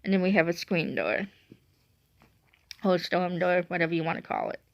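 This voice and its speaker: A woman's voice: on the low side, expressive, normal speed, vocal fry, dry recording. Twenty-something woman rambling through a storytime, keeps correcting herself, dull lo-fi mic. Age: 20s. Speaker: vlogger. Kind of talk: casual storytime. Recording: dry, dull lo-fi recording.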